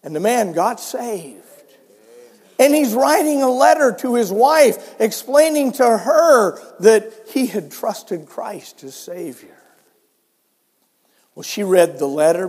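Older guy preaching in church, storytelling sermon, goes soft then loud, big echo. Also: sits high. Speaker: pastor. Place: church sanctuary.

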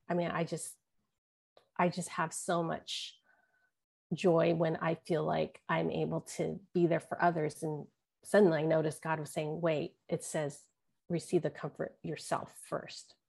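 A woman in her forties telling an earnest, halting personal story as an interview guest. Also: deep voice, level tone, vocal fry, darkish tone, slightly rough. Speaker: guest, author and podcaster.

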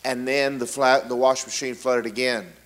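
A man's voice: medium pitch, fairly even intonation, moderate pace, fairly bright tone. A male pastor adding his own story to the congregation in a plain, matter-of-fact way. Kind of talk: sermon.

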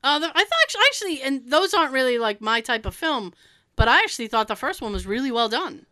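A woman co-hosting a casual movie chat, animated, laughing often and swearing casually. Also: high voice, fast, no room sound. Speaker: podcast co-host.

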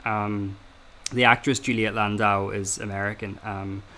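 A man's voice: lowish voice, little pitch movement, a little slow, bright, forceful tone, a little hiss or hum. A man hosting a casual podcast chat, explaining at length with many hesitations and fillers. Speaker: podcast host.

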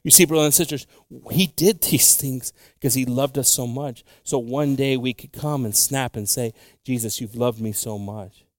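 A male preacher delivering a bilingual sermon, moving from quiet, halting, intimate talk to loud, slow, drawn-out scripture reading. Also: mid-range voice, no echo, studio quality. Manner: halting, with frequent fillers and restarts.

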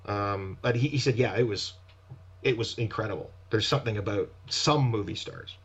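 A man's voice: fairly low pitch, normal speed, slightly rough. A man, an actor appearing as a guest, chatting casually in an interview, rambling and restarting his thoughts as he goes. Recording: dull lo-fi sound.

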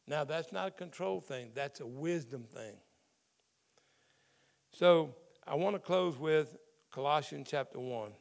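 A man's voice: fairly high pitch, measured pace, creaky. A man who is a pastor, preaching a sermon in a conversational way and explaining the meaning of Greek words in scripture.

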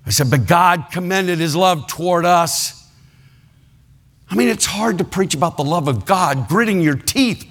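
A male pastor preaching a sermon, telling a story with animated, fervent delivery. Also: sits high, measured pace.

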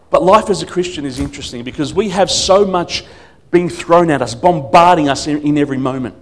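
A man's voice: fairly high pitch, brisk, few pauses. A man preaching as a guest pastor, telling stories with humor and acting out what people said. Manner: storytelling with humor and acted quotes. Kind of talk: sermon.

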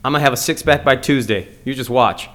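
A man hosting his own comedy podcast alone, talking in a profane, excitable, rambling way. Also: mid-range voice, fast talker. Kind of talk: casual solo podcast monologue.

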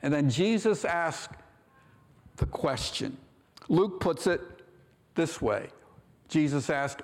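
Heard with long church-hall reverb, a man delivers a sermon, acting out quotations and raising his voice for emphasis. His slightly high voice is expressive and slow, with frequent pauses.

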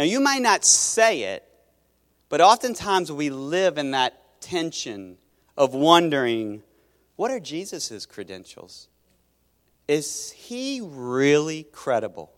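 A man's voice: on the high side, fairly bright tone. Chatty male preacher in a reverberant hall. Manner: conversational, restarts phrases, asks the audience questions. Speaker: pastor. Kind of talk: sermon. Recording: long reverb of a large hall.

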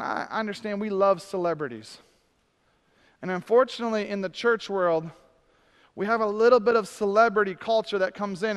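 Male pastor, high and clear voice, sermon delivery with punchy emphasis and soft asides, long church reverb. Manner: swings between emphatic preaching and hushed, intimate asides; humorous self-deprecating asides.

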